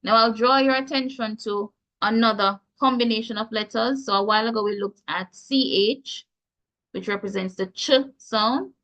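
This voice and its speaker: A woman's voice: a little high, moderate pace, a bit bright. A woman with a Jamaican accent teaching pronunciation in an online class, encouraging and spelling out sounds with care. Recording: dull lo-fi call audio.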